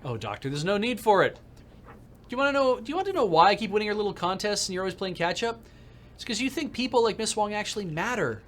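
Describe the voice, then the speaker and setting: A smug, scheming TV producer who speaks smoothly and talks down to his rival, as a man reads him aloud. The voice sits higher than usual and swings through a lively pitch range. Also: fast. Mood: condescending. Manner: smooth, condescending, lecturing.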